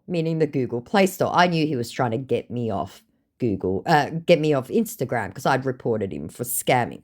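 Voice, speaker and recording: A woman's voice: rumbling low, sing-song, fairly quick, darkish tone. A woman wryly reading out chats with a scammer, with sarcastic asides. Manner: wry, sarcastic storytelling. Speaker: narrator.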